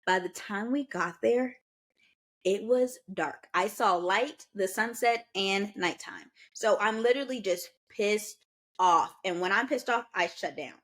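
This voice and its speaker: Young American woman, podcast co-host, casual animated storyteller, mid pitch. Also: unhurried. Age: young adult. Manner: animated, lively storytelling with quoted asides.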